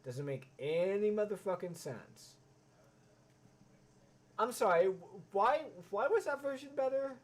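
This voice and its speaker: A man's voice: high voice, expressive, unhurried, pauses often. A man giving live reaction commentary, ranting and swearing with many stammering restarts. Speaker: reaction streamer.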